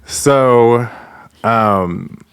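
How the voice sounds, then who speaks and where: A man's voice: medium pitch, very slow, clean tone. A young adult man hosting a podcast in casual chat, telling stories with lots of laughter and acted-out quotes. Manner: animated storytelling, laughs often, switches into quoted voices. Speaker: podcast host.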